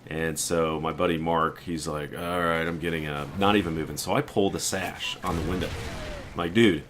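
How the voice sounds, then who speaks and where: A man's voice: a bass voice, steady tone, moderate pace, fairly bright tone, slight background noise. A man casually telling a story about a weekend trip, quoting his friends and sounding exasperated. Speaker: gaming video creator.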